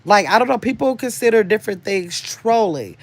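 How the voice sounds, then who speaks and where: A woman's voice: medium pitch, expressive, a little fast. An older woman hosting a casual livestream, chatting and rambling as she reads viewers' comments aloud. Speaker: livestream host reading chat.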